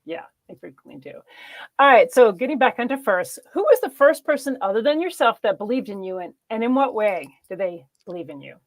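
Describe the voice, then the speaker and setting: A woman hosting a casual interview, chatty and quick to laugh. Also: on the high side, expressive, dry recording. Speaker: host.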